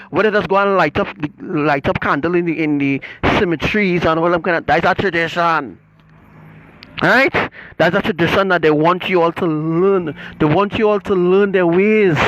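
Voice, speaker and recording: A middle-aged man, preaching in a forceful, repetitive livestream rant that keeps asking "right?". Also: high voice, lo-fi sound. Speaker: self-styled religious teacher.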